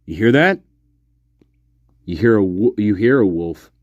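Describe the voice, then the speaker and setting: A man's voice: on the low side, lively intonation, a little slow, muffled recording. A man talking to his viewers in a casual monologue, speculating intensely, repeating himself and swearing often. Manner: intense, repetitive, profane speculation. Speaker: online commentator.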